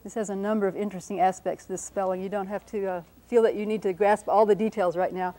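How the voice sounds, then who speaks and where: A woman's voice: mid-range voice, fairly even intonation, quick pace, dark tone. A woman linguist giving a patient, step-by-step radio lecture, explaining sounds and writing examples as she talks, with frequent ums and small self-corrections. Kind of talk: radio lecture with whiteboard demonstration.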